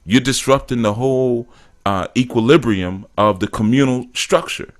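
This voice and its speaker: A man's voice: mid-range voice, moderate pace. A middle-aged man hosting a show, talking in loose casual storytelling, with a lot of "man" and "you know", and getting emphatic now and then. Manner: acts out quotes and grows emphatic. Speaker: spiritual teacher and show host. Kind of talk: casual talk-show monologue.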